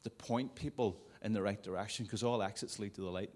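Guy preaching at a church service, lowish voice, chatty with little jokes on the side. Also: fairly quick, darkish tone. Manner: conversational, with jokey asides. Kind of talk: sermon. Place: church service before a congregation.

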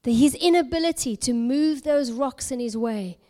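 A woman from South Africa preaching a sermon as an expressive story, dropping to a hush at key moments. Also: sits high, normal speed. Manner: expressive, dramatic storytelling with hushed whispered moments.

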